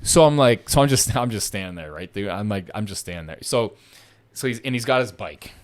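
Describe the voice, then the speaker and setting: A man's voice: fairly low pitch, brisk. A man casually telling a long story on a podcast, swearing a lot and repeating himself as he goes. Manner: profane, animated, repeats himself.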